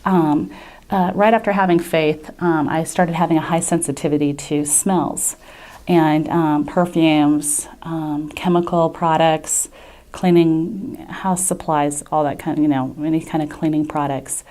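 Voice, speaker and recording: A woman speaking as a patient in an unscripted testimonial, hesitant and earnest, pausing often with fillers and restarting her sentences. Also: low-pitched, steady tone, warm tone. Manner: earnest and grateful.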